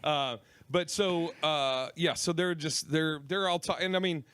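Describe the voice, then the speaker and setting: A male comedian hosting a podcast, telling a profane story in a casual, animated way. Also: a little high, unhurried, clean tone. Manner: profane, animated when retelling his own shouting. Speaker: host, comedian.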